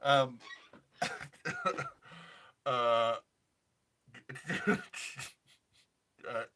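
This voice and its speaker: A man's voice: mid-range voice, flat delivery, drawn-out words, bright, forceful tone, clean tone. A man hosting a casual livestream chat. He is giggly and rambling and often breaks off mid-sentence. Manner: giggly, rambling, self-interrupting. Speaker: host.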